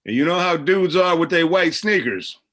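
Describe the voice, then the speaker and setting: A middle-aged man who works as an actor and producer tells stories as a guest in a relaxed interview. His voice is a little high and moderately paced, with a little hiss or hum in the recording. He's animated, acting out the people in his stories.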